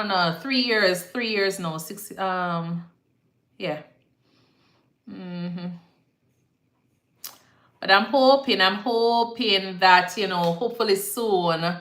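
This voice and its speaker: A woman's voice: medium pitch, bright, forceful tone. Jamaican woman chatting on a live stream. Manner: chatty, mixes Jamaican patois phrasing into casual advice. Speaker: nurse hosting a live Q&A. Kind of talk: casual live-stream chat. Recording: echoey room.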